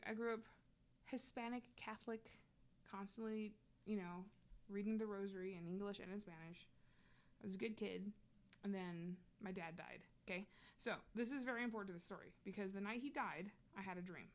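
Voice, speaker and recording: A young adult woman sharing a personal story in relaxed conversation. Her speech is loose and slangy, with casual swearing and a candid, unguarded manner. Her voice sits in an ordinary middle pitch. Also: moderate pace. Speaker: guest telling a personal story.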